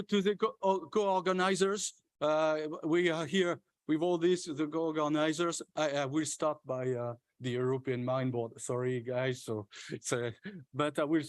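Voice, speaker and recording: A man giving closing remarks at a conference as its organizer, thanking everyone in a halting way with many hesitations and restarts. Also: a little high, dry recording. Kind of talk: closing speech thanking participants. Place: conference hall stage.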